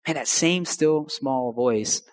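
In a long, reverberant hall, a young man slowly shares his testimony in a medium-pitched voice. He speaks conversationally and full of slang, talking straight to the audience.

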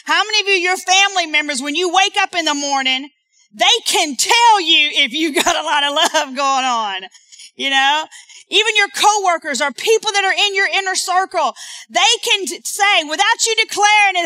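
A woman delivers a church sermon in a high, ringing voice with a bright, forceful edge. She keeps the congregation involved and prompts them to repeat key phrases to the people beside them. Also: moderate pace. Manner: interactive, calls on the congregation to repeat lines. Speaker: preacher. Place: church sanctuary.

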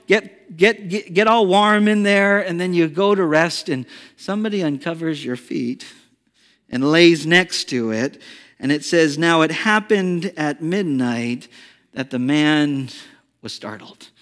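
Male pastor, high voice, chatty animated preaching, echoing church hall. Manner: conversational, animated storytelling with rhetorical questions. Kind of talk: sermon.

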